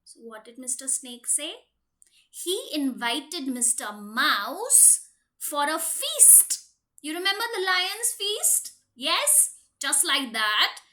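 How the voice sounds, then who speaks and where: Slow sing-song woman reading to kids. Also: sits high, sharp tone. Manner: slow, sing-song, asks the children questions. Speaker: preschool teacher. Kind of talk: children's storytelling.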